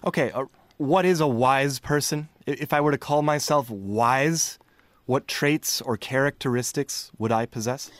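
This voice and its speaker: A man hosting an interview, introducing the guest and asking measured, friendly questions. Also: medium pitch, dry recording. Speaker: host.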